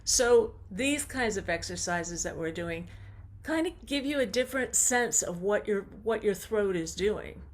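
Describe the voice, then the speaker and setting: Slow-talking woman voice coach. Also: medium pitch, animated. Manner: slow, encouraging coaching with sung demonstrations. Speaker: voice teacher. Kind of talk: online vocal warm-up lesson. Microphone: video call.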